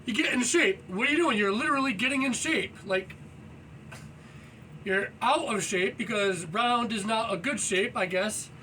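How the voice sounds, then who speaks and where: At a normal speed, the very high, bright-voiced fitness vlogger loudly rambles through energetic motivational thoughts, relying on "you know" again and again. He moves and stretches indoors at home under a low ceiling, well away from the mic, on a rough recording with faint background noise.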